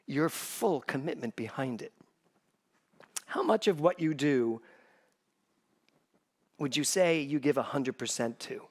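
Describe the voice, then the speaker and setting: Lively, high-pitched man preaching a sermon. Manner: animated, conversational preaching with jokes and asides. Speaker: spiritual director.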